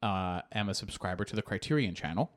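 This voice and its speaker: Casting: man, casual podcast talker, animated storyteller, swears freely, loose and rambling. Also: low-pitched, fast. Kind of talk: casual chat.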